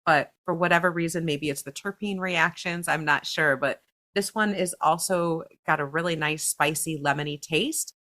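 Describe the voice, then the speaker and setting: A woman's voice: low-pitched, normal speed, sharp tone. A woman from upstate New York with an upstate New York accent, co-hosting a casual podcast and reading listener mail with frequent giggles. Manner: giggly, reads listener emails aloud. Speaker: podcast co-host.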